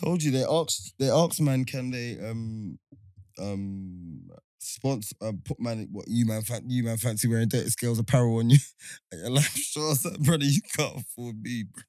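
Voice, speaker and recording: A man's voice: medium pitch, normal speed, warm tone, no room sound, studio quality. A young man, co-hosting a podcast in casual banter, joking, laughing at his own jokes and arguing playfully in slang. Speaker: podcast co-host.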